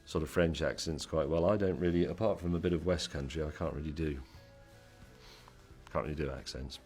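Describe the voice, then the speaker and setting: A man's voice: extremely low pitch, brisk, a little mellow, slightly rough, soft background music. A man who presents a TV show, giving wry, dry-humoured answers in a casual press interview.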